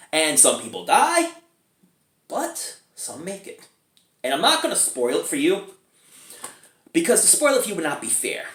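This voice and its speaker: A man talks through a film review in a loose, chatty way, breaking into chuckles between remarks. His pitch swings up and down with lively inflection. He sounds like he is in a roomy, echoey space. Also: measured pace, pauses often.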